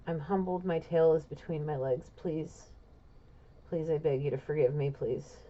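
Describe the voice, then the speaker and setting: A woman's voice: deep voice, steady tone, moderate pace, dark tone, highs cut off, a little hiss or hum, natural voice. A woman voicing a remorseful grown man who humbly pleads with his partner for forgiveness. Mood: pleading.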